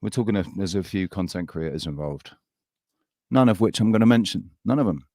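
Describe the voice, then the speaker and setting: A man hosting a live stream, ranting in a heated, halting way and swearing often. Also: low voice, lively intonation, dark tone, no room sound, clean studio sound. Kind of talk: casual live-stream chat.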